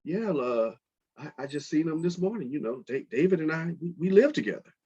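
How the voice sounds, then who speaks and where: A man quoting a young female teacher in a calm, matter-of-fact way, close to his own voice. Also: fairly high pitch, brisk, breathy edge, dull audio, pitched above the performer's own voice.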